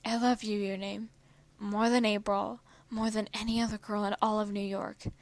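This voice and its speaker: A woman voicing an anxious, devoted teenage male mutant turtle, speaking quietly and pleadingly in a fan story reading. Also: mid-range voice, flat delivery, moderate pace, dry recording, natural voice.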